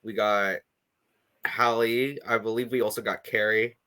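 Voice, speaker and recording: A man's voice: on the low side, little pitch movement, a little slow, sharp tone, smooth. A man co-hosting a podcast, chatting casually with lots of fillers and laughter. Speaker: podcast co-host. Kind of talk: casual chat.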